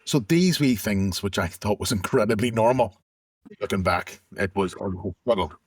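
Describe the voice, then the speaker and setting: A man's voice: fairly low pitch, normal speed, slightly rough, dry recording, clean studio sound. A middle-aged man, telling his own story as an interview guest in a reflective, conversational way with frequent restarts. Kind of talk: candid personal storytelling.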